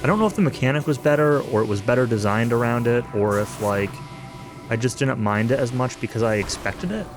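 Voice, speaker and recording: This streamer's medium-pitched voice runs a little fast as he gives casual gameplay commentary with game music behind him. He thinks aloud, hedging and leaning on fillers, and occasionally turns to dry, self-aware sarcasm.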